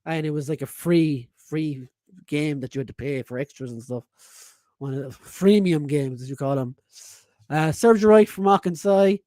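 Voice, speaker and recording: Male podcast host in his 40s, rambling casual chat, mellow voice, dry close sound. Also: medium pitch, moderate pace, dry recording. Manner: rambling, stumbles over words.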